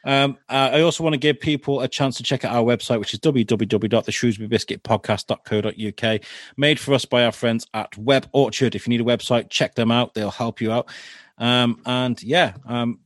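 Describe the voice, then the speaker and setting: An upbeat man hosts a podcast in easy conversational chat, leaning on fillers as he talks. His voice sits in a middle pitch. The sound is dry and close, with no room echo. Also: steady tone, brisk. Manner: chatty, upbeat, many fillers. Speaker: podcast host. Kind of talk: casual interview chat.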